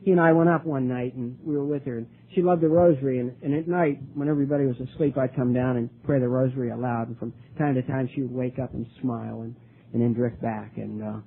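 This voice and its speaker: An older man speaking at a recovery meeting, telling his story earnestly, with many halting restarts. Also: medium pitch, fairly even intonation, gravelly. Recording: tinny lo-fi recording, faint hiss.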